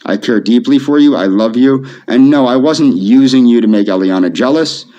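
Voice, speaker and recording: A man speaking softly to camera in a pleading, repetitive, emotionally flat way. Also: medium pitch, moderate pace. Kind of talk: pleading video monologue. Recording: dull lo-fi video audio.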